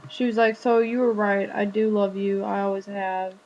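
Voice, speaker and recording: A teenage girl tells a story straight to her webcam, stringing it together with "like" and quoted lines. Her voice stays mostly level in pitch. The audio is dull and lo-fi with a faint hum underneath. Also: fairly even intonation, moderate pace. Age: teens. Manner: chatty, retelling a conversation with lots of "like". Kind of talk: casual storytelling vlog.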